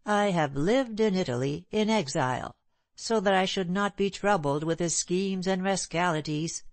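A woman reading the part of a proud, bitter gentleman who speaks in a sneering, clipped way. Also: on the low side, moderate pace, dry recording, natural voice. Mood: scornful. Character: proud bitter middle-aged gentleman, scornful.

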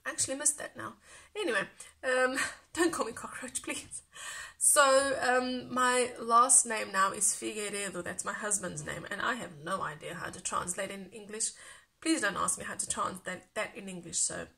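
A woman's voice: medium pitch, moderate pace, vocal fry, pushed and bright. A woman from South Africa with a light South African accent, chatting casually and rambling in a craft vlog, laughing often. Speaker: craft YouTuber.

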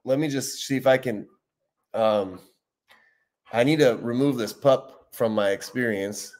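A man hosting a recovery livestream in a relaxed, conversational way. He often repeats his key points for emphasis and slows down on important lines. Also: mid-range voice. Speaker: recovery talk host. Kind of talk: casual livestream talk.

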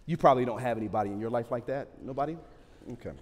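A man preaching a sermon to his church in a lively, joking, conversational way. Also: medium pitch, rapid-fire. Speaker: pastor. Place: large church hall. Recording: hall reverb.

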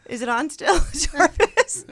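A woman's voice: high-pitched, big pitch swings, takes it slowly, gravelly, fairly bright tone. Bubbly, giggly woman talk show host. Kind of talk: casual chat.

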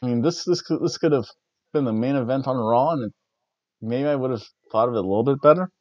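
A man casually reviewing wrestling matches, rambling and restarting his sentences with the odd chuckle. His voice is mid-pitched. The audio is dry and slightly muffled, like a modest home setup. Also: quick pace, dry recording. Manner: rambling, self-correcting, chuckles often. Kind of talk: casual spoken event review.

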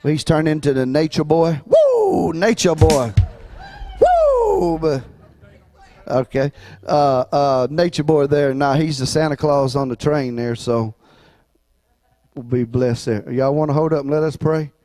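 A man's voice: on the high side, steady tone, unhurried, dark tone. A man, a pastor talking casually and rambling in folksy phrases during the church offering. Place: church sanctuary.

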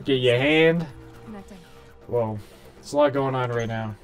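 A man doing casual, excitable gameplay commentary, swearing and shouting at his character while saying he is hungry and tired. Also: medium pitch, unhurried, faint music behind. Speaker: gaming streamer.

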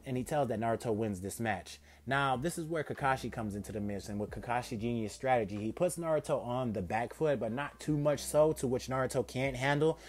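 Man narrating fan fiction, loose and rambling, average pitch. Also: darkish tone. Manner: rambling, filler-heavy, self-correcting. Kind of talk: casual spoken retelling of a fan story.

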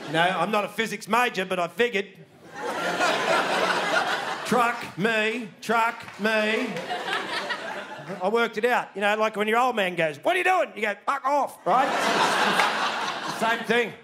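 A man's voice: sits high, slow pace, long pauses, heavy background noise. An Australian man doing a stand-up comedy set, ranting and exasperated and swearing freely, with audience laughter behind him. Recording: live stage mic, loud laughing crowd.

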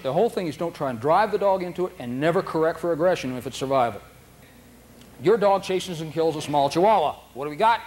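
A man teaching a dog training seminar in a folksy, animated way, acting out dogs' thoughts in silly voices, recorded on a noisy old video tape. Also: a little high. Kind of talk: seminar lecture.

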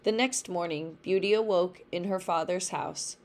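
A woman teacher reading a storybook aloud for a lesson, slow and careful. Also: fairly low pitch. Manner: slow, careful read-along pace.

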